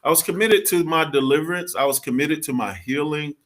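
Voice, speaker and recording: This man's voice is on the high side and fairly bright, and he talks a little fast as a podcast guest. He tells his story earnestly and openly, with casual slang.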